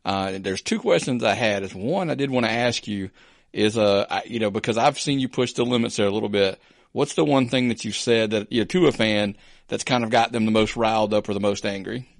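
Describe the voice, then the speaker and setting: A man's voice: fairly low pitch, fairly quick, creaky, no room sound, studio quality. A man hosting a podcast, asking questions casually with hesitant restarts. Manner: hesitant, searching for words. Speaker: podcast host.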